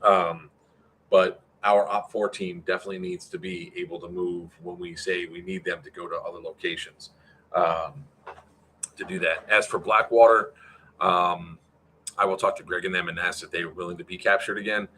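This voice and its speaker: Male event organizer, deep, bright-edged voice, casual rambling update style. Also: steady tone, normal speed, slight background noise. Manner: rambling, filler-heavy, answers chat.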